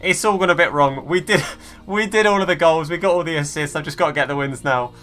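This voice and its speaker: A young man streaming a football game live, shouting at the match and chatting casually with his viewers. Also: a little high, brisk, faint music behind. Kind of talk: live gameplay commentary.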